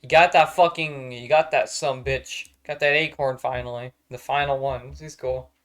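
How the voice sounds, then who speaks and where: A man talks off the cuff on a live stream from home, his pitch sitting in an ordinary middle range. He rambles, swears often and gets exasperated quickly, as if chatting with an audience in real time. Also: fairly even intonation, fairly bright tone. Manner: rambling, profane and easily exasperated. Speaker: streamer ranking characters on a tier list. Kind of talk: casual live-stream chat.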